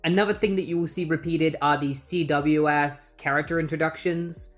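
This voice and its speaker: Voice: medium pitch, steady tone, normal speed, faint music behind. A comic book reviewer giving a casual recap with snarky, wry asides.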